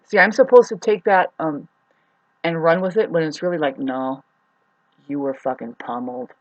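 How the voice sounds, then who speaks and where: A woman's voice: deep voice, normal speed, no echo, dull audio. Frustrated, swearing woman ranting. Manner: frustrated, profane, swings loud and soft. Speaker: astrology vlogger. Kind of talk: rambling monologue.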